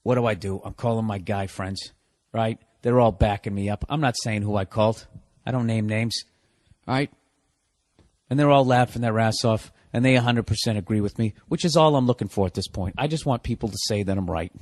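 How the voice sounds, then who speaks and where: A man's voice: on the low side, fairly quick, darkish tone, dry recording, studio quality. Brief: exasperated male podcast host ranting with heavy profanity and sarcasm. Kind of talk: comedic rant.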